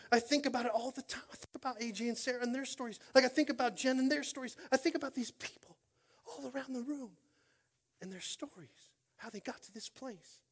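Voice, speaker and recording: A high-pitched male pastor delivering a conversational sermon in a church. He chats with the congregation in a relaxed way, then climbs into loud, shouting bursts of emphasis. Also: breathy edge. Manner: conversational preaching, rising to shouts. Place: church sanctuary.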